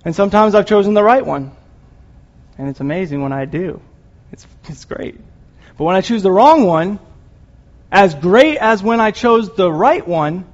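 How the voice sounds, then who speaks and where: A man giving an earnest, emotional sermon, rambling at times with restarts and apologies. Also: high-pitched. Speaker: lay preacher. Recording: dull lo-fi recording.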